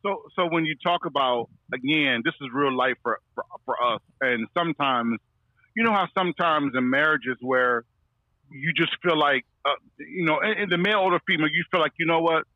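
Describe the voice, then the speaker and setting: A man's voice: a little high, fairly quick, no room sound, highs cut off. A man in his fifties, a pastor, talking on a podcast in a rambling way, repeating phrases in a preacher's cadence. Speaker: pastor, guest. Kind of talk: relaxed podcast talk.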